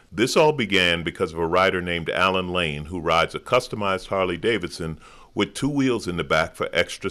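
A man's voice: low voice, bright, forceful tone. A man panelist on a radio comedy quiz, reading a scripted funny story in a dry, mocking way.

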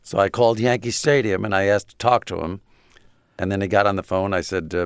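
Wry, halting older man. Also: low voice, steady tone, smooth, dry recording, clean studio sound. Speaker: guest. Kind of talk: anecdotal interview talk.

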